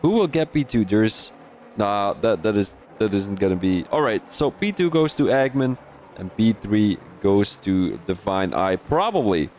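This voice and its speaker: Man, sim-race streamer-commentator, excitable, trips over his words, faint hiss behind. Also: lowish voice, unhurried. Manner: excitable, rising sharply at overtakes, many restarts. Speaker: sim racing league commentator.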